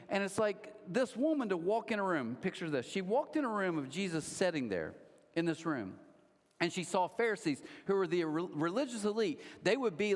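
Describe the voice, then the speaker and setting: A man preaching a sermon, telling stories in a conversational way with animated asides, in a large church auditorium. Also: a little high. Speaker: pastor. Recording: long hall reverb.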